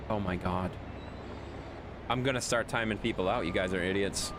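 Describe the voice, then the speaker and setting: Over some background noise, a man with a fairly low voice plays a game on a live stream, talking at a moderate pace with long pauses. He chats casually and banters with his chat, teasingly scolding them as he goes.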